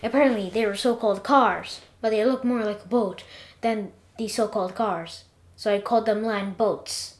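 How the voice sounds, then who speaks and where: A woman's voice: medium pitch, steady tone, moderate pace. A woman in her forties narrating a homemade story in first person, reading with small slips and restarts. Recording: roomy echo.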